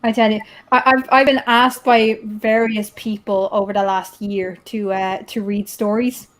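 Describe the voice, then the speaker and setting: A woman's voice: mid-range voice, level tone, unhurried, a bit bright. A woman with a Dublin Irish accent, hosting a casual chat and often stammering and repeating herself. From Ireland. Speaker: host.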